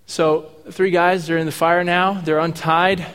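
A man delivers a sermon in a relaxed, conversational way, mixing scripture with jokey asides. His voice sits a little high for a man. The sound carries a long reverb, as if from a large hall. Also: measured pace, clean tone. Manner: casual, jokey asides between scripture readings. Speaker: pastor.

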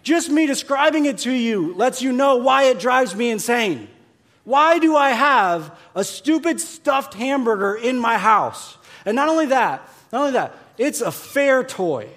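A man preaching a sermon as pastor, emphatic and repetitive, dropping to a hush and then rising loud. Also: extremely high pitch, sing-song, a little slow. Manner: emphatic, repeats words, swings from hushed to loud.

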